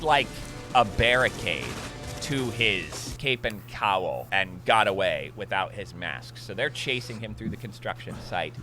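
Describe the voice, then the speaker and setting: A young man co-hosting a casual movie review chat, animatedly recapping scenes and tossing in playful voice impressions. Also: fairly low pitch. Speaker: podcast co-host.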